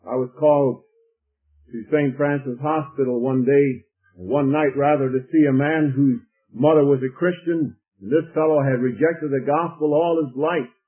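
Preacher telling a story, tinny recording. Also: male voice, mid-range voice, moderate pace. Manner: vivid storyteller, building to excited shouts. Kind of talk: sermon storytelling.

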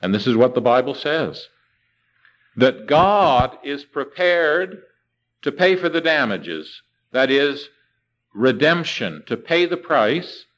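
A man preaching a sermon with a lively, rising and falling pitch. He keeps asking rhetorical questions and slows right down to stress the key words. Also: low-quality recording.

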